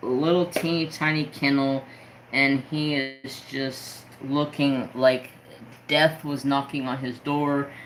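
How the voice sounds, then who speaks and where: A man's voice: on the high side, low-quality recording. A man chats casually on his diamond painting livestream and breaks off to answer viewers' comments. He tells his story with a lot of feeling and throws in the odd curse word. There's a faint noise behind him. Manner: emotional, swearing, animated storyteller. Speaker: diamond painting crafter streamer.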